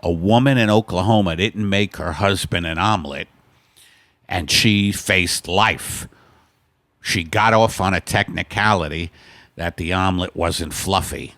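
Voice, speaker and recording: A man voicing a grumbling middle-aged husband in a comedy sketch, deadpan and mock-serious. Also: deep voice, measured pace, dry recording. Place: apartment.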